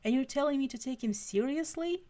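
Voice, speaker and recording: A woman's voice: high-pitched, brisk, dark tone, pitched above the performer's own voice, natural voice. A woman voicing a cool, firm, skeptical female FBI agent who speaks in a clipped way.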